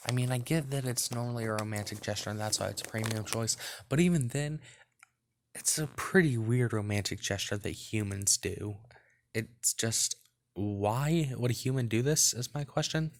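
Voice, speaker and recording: A man's voice: medium pitch, moderate pace. A man hosting a let's play, reading a visual novel aloud and breaking off into rambling, casual asides.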